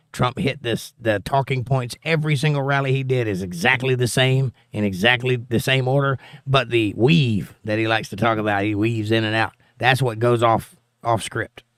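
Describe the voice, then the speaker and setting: A man's voice: mid-range voice, clear, resonant tone, no room sound, studio quality. A man with a Southern accent hosting a casual political livestream, reading viewer comments aloud with wry, joking asides. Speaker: livestream host.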